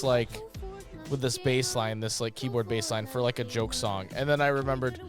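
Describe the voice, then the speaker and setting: A man hosting a gaming video, giving rambling, jokey playthrough commentary, cursing freely and breaking into loud yelps. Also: mid-range voice, moderate pace, over music. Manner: excitable, swears freely, bursts into loud yelps. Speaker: gaming channel host.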